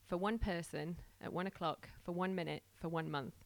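A woman's voice: on the low side, fairly even intonation, normal speed, vocal fry, no echo. A woman who is starting a church tells a casual, laughing story and acts out the voices of the people in it. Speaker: church planter sharing a story.

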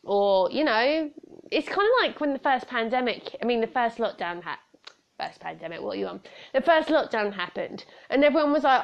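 A woman's voice: fairly high pitch, expressive, normal speed, vocal fry, slight background noise. A British woman in her thirties hosting a solo podcast, chatty and rambling, often breaking into laughter. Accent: British English. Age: 30s. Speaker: podcast host. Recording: slightly dull lo-fi sound.

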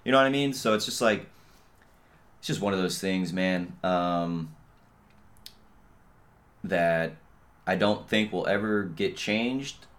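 A young man holds forth on a podcast in a loose, profane rant, full of fillers and asides. His voice sits a little low for a man. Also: takes it slowly, long pauses, fairly bright tone. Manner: profane, blunt, heavy on filler and "you know what I mean". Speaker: podcast host. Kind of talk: casual rant.

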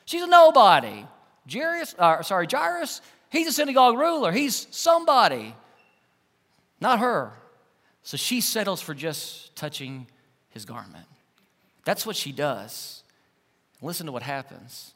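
A man, a pastor, preaching a sermon and telling a personal story in an animated, emphatic way, his voice swinging between loud and hushed. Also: high-pitched, measured pace, pauses often. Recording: long church-hall reverb.

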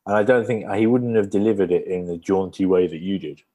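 Man, low husky voice, dry teasing co-host. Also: fairly quick, dark tone, lo-fi sound. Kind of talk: comedic casual chat.

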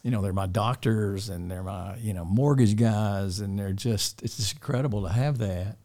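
An older man speaks in a dark, mellow, slightly low voice. He rambles easily, circling back and restarting his sentences, with a good-natured warmth in how he talks. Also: normal speed. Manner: rambling, warm-hearted, with many restarts and chuckles. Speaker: school dean interviewed by students. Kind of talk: casual interview chat.

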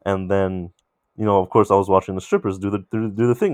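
A man's voice: low voice, fast talker, no room sound. Young man telling a rambling story. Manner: animated, rambling, swears freely. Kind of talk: casual storytelling chat.

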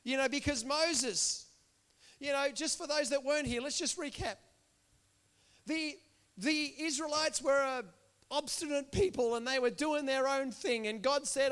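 A man delivering a sermon in a church, his voice sitting extremely high for a man. He talks earnestly and repeats his points, rising into impassioned calls. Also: fairly even intonation, measured pace, a bit bright. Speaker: preacher.

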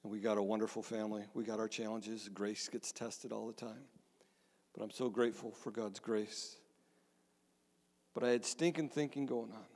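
A middle-aged pastor recounts his own story during a sermon, sounding conversational and self-deprecating and often restarting his sentences. His fairly low voice is steady and a little mellow at a normal speed, with long hall reverb in the recording.

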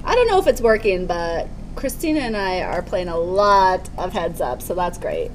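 A woman's voice: lowish voice, big pitch swings, normal speed, slight background noise, low-quality recording. A young woman with a Canadian accent co-hosting a casual chat, rambling and giggly with lots of "like". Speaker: co-host.

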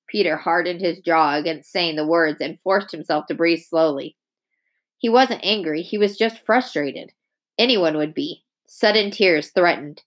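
A woman with a slightly low voice reads a novel aloud. Her narration is calm and even, paced like a bedtime storybook. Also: measured pace. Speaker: audiobook reader.

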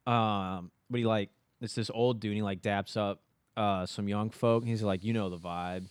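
Laid-back young man, smooth dry voice. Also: fairly low pitch, steady tone, no room sound. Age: 20s. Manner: laid-back, halting with many fillers and swearing. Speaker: podcast co-host. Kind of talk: casual chat.

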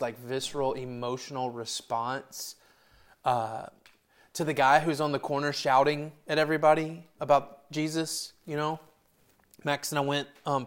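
A middle-aged man preaching a sermon in a loose, conversational way with rambling asides. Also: on the high side. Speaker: pastor.

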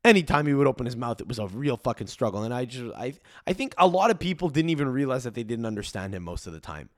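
Brief: male podcast host, mid-pitch, profane rambling rant with sudden high jumps, dry booth sound. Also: very animated, quick pace, dry recording. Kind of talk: solo ranting podcast monologue.

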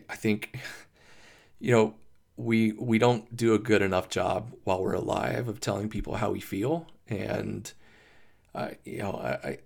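A man hosting a podcast, talking through grief in a halting, emotional monologue, swearing and restarting often. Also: fairly low pitch, vocal fry, darkish tone. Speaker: podcast host. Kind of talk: personal reflective monologue.

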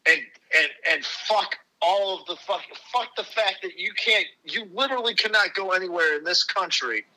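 A middle-aged man from the United States rants with fury, swearing constantly and pressing for agreement. His voice is very bright and tense, sitting fairly high. He talks as a podcast guest. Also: moderate pace, poor audio. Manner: furious, heavy swearing, repeated "right?". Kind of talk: profane angry rant.

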